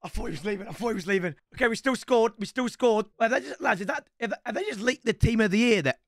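A young man streaming a football game, loud and excitable, breaking into shouts. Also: sits high, quick pace, no echo, clean studio sound. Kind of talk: excitable gaming livestream.

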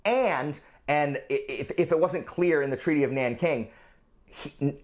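A man hosting a casual history explainer, animated and incredulous, talking with many fillers and restarts. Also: fairly high pitch, unhurried. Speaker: book video host.

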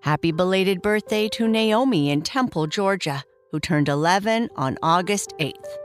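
A woman hosting a bedtime story show, reading listener shout-outs and narrating a children's story in a slow, soothing way. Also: lowish voice, expressive, soft background music. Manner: slow, soft and soothing, reading names warmly. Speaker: storyteller host.

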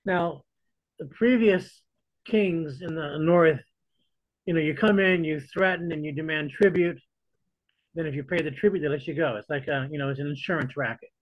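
A man's voice: on the high side, steady tone, moderate pace, no room sound. A man teaching a church Bible study in a conversational way, often repeating words as he restarts. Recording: dull lo-fi dry recording.

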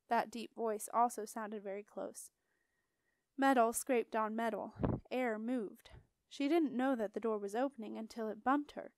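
A woman reads a fantasy chapter aloud with steady expression, her voice fairly high and smooth. The recording is close and completely dry, with no room sound. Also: measured pace, no echo. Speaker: audiobook narrator. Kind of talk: storybook narration.

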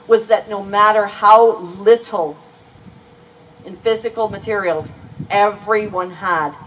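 A woman preaching a sermon in an unhurried, deliberate way, pressing hard on the words she wants to land. She sounds a little distant from the mic, with a faint hiss of room noise behind her. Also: mid-range voice, a bit bright. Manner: earnest, emphatic preaching with slow deliberate stresses. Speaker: pastor. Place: church.

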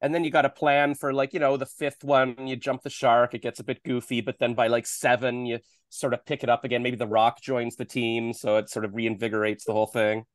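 A man's voice: medium pitch, level tone, brisk, few pauses, dry recording. A man hosting a casual, joking interview with a film cast over a video call. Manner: joking, playful banter.

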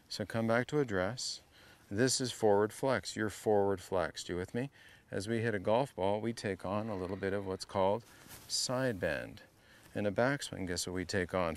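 A man runs a hands-on golf lesson with a gravelly, low-set voice. He teases his student and keeps drilling the same short cues, half joking and half demanding. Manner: playful, teasing coach who drills short cues. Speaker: golf coach. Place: golf academy practice area.

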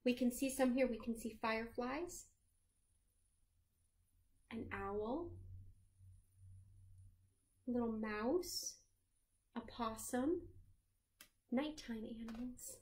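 Slow, gentle woman reading a children's story. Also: a little high. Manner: sings the chorus lines in a lilting voice. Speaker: librarian reading aloud. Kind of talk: children's read-aloud.

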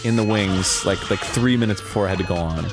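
A man's voice: low voice, brisk, over music. A man co-hosting a casual chat, telling a rambling story with lots of restarts. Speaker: co-host.

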